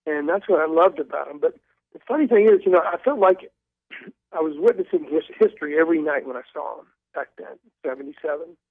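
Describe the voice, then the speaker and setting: Older guy on the phone telling stories, keeps restarting, slightly high voice, dry tinny line. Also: fairly quick, creaky, no room sound. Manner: animated storyteller, stumbling restarts. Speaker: guest author. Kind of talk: storytelling in a phone interview. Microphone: telephone.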